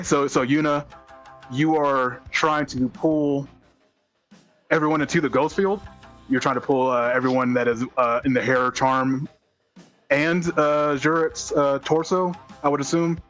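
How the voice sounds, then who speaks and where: A man narrating as game master in a tabletop game, rambling with many fillers and breaking into high voices for characters. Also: fairly even intonation, a little slow, pauses often, fairly bright tone, soft background music.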